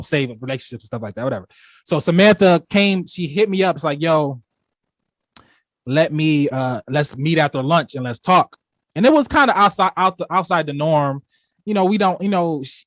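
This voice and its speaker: A young man with a medium-pitched voice co-hosts a casual podcast, telling a long personal story in a rambling way full of restarts and "you know". The sound is clean studio quality with no echo.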